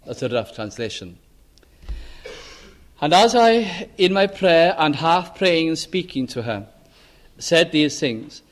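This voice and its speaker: An older man from Wales giving an earnest sermon testimony, pleading with his hearers and dropping to a hush on solemn words. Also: a little high. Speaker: preacher.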